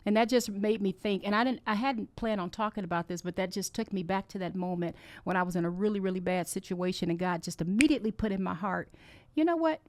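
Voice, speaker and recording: A woman's voice: medium pitch, fairly even intonation, fast talker, hardly any pauses. A woman hosting her own podcast, giving an earnest, encouraging faith-based talk that is close to tears. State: tearful. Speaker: podcast host.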